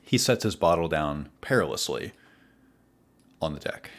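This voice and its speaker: Man game master, slow and measured, with a lot of lift and fall in pitch. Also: animated. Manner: measured, descriptive. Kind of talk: narrating a tabletop game.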